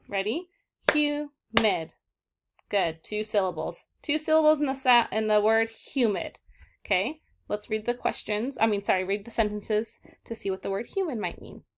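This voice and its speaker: A young woman teacher giving an online vocabulary lesson to children, encouraging and patient, often checking in with "okay, guys?". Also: a little high. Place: southern California.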